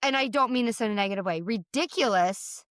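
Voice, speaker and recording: A woman's voice: a little high, a little fast, a bit bright, no room sound, clean studio sound. A woman co-hosting a casual podcast, chatty and full of "like", who acts out inner thoughts as she explains.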